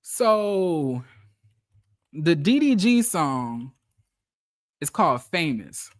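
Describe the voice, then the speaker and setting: A man giving casual, animated celebrity gossip commentary, sassy and profane, reading text messages aloud and reacting to them. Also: on the high side, extremely slow.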